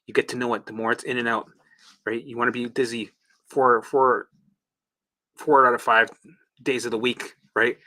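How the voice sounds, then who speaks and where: A man's voice: medium pitch, sharp tone. A man talking casually as a recovery coach, blunt and swearing freely, acting out his own past reactions. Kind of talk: casual monologue.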